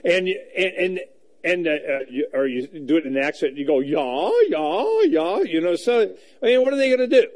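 A man's voice: fairly high pitch, animated, fast. A man hosting a talk show from the road, telling rambling stories full of fillers and restarts. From United States. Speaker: radio talk show host. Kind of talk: casual talk show monologue. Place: on the road, traveling.

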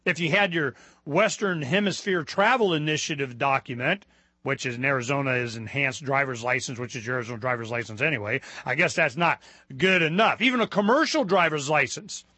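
A man hosting a casual political talk radio show, animated and rambling. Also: a little high, normal speed, slightly rough, no room sound.

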